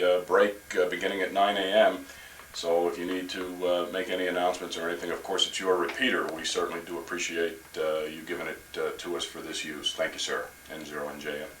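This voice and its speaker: A man acting as net control on an amateur radio net, polite and measured, with frequent hesitations. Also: sits low, little pitch movement, slight background noise. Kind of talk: procedural radio net talk. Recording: echoey room, camcorder from far off.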